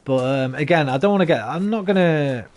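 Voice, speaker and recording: A man's voice: on the high side, lively intonation, fairly quick, a little mellow. A tired man chatting and rambling casually to his viewers while streaming a game. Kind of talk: casual live-stream chat while gaming.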